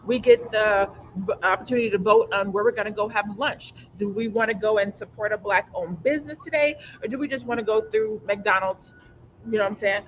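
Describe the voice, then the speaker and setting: Male panel host, high voice, slight lisp from aligners, earnest, dull lo-fi livestream audio. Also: brisk, fairly bright tone, slight background noise. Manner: earnest, stumbling over words.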